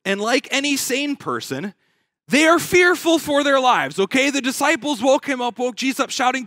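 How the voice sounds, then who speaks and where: A male pastor delivers a sermon with a bright, forceful edge to his voice. He swings from dramatic, urgent pleas into quiet, searching questions. The sound is dry and close. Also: very high-pitched, very animated, moderate pace, no room sound. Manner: dramatic, acts out quoted pleas with rising intensity.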